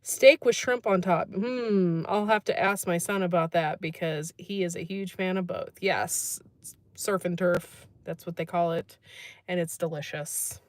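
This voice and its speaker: A woman's voice: on the low side, measured pace, no echo. A woman hosting a casual livestream, chatting, laughing often and reading out comments from the chat. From United States. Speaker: livestream host.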